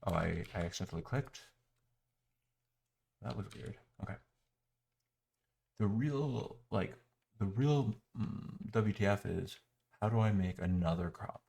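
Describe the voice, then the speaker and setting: A software reviewer gives a screen-recorded, sarcastic critique of an app, clicking around and muttering in exasperation. His low-leaning, gravelly, mellow voice is a little slow, and he pauses often.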